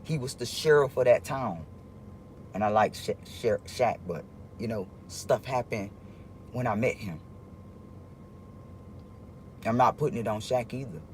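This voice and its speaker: A man talking to his viewers in a casual livestream monologue, rambling and halting with many restarts, in an earnest, confiding way. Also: medium pitch, slight background noise.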